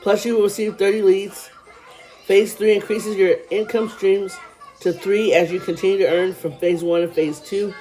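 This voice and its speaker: A woman vlogger casually walks viewers through a money program, rattling off figures quickly and adding chatty asides while sounding a little out of breath. Her medium-pitched voice is level and warm, with soft music in the background.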